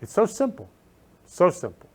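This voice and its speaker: A male host talks from his room in a fairly high voice that swings widely up and down. He is effusive and leans hard on his words, repeating the same warm phrases again and again. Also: wildly swooping pitch, normal speed, husky. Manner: effusive, repeats loving phrases with emphatic stress. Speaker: show host. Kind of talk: casual talk show monologue.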